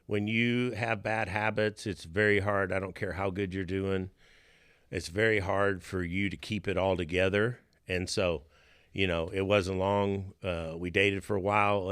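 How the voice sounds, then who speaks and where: Low-voiced middle-aged man telling a personal story. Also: a bit bright, dry recording, clean studio sound. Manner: halting, repeats words and restarts phrases, earnest; casual, says "man" and "dude" often. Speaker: podcast host.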